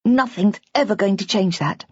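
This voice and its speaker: A woman's voice: moderate pace, breathy edge, no room sound, natural voice. A woman reading an audiobook, voicing a defiant, tearful young wife who is fiercely devoted to her husband. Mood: adoring. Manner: high, emotional and indignant, voice breaking at times. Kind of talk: audiobook character voice. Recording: dull, dry audiobook recording.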